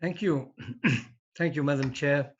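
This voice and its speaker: Slow, measured older man on a call. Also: a little high, steady tone. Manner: measured, deliberate. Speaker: conference speaker. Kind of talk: formal conference talk. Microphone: video call. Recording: dull lo-fi video call audio.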